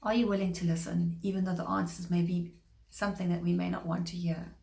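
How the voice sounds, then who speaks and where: A woman giving a short devotional sermon, earnest and measured, slowing down to stress scripture. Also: lowish voice, little pitch movement, gravelly, mellow. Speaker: preacher. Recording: echoey room.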